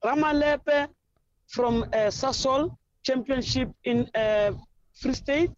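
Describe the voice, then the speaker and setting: A woman's voice: sits high, slow pace, no echo, highs cut off. A South African woman football coach answering interview questions in an effusive, rambling storytelling way.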